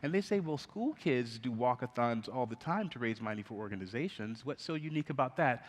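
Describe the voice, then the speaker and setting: Animated male keynote storyteller in a hall. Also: mid-range voice, a little fast. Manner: animated, acts out voices in anecdotes; engages the audience with questions. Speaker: conference speaker. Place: conference hall. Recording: reverberant conference hall.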